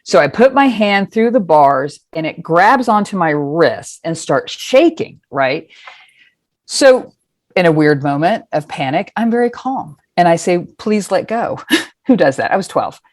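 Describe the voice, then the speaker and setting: Frank, low-voiced woman guest. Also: big pitch swings, unhurried, no room sound. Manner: frank, rambling, profane. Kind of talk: casual storytelling.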